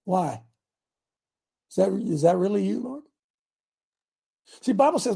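A man's voice: high-pitched, lively intonation, unhurried, vocal fry, pauses often, mellow, husky. A man hosting a radio show, preaching in an emphatic, rambling way with many asides.

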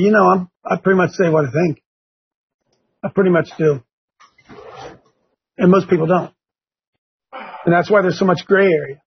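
With a high, breathy-edged voice, an older Ohio man delivers preachy commentary on his religious talk show. He's emphatic and repeats points for effect, heard through dull lo-fi audio.

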